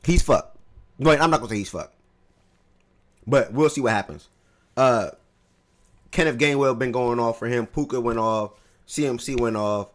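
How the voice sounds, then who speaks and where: A man hosting a casual fantasy football talk show, animated and profane, swinging between heated outbursts and low mutters. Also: normal speed, pauses often. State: eating oatmeal while talking. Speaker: podcast host.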